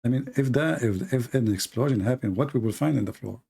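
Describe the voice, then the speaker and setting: A man hosts an online show in a gravelly, husky, dark-toned voice of medium pitch, speaking fairly quickly. His commentary is casual and mocking, and he chuckles at his own jokes. Restarts and fillers crop up constantly as he rambles in non-native English marked by grammar slips.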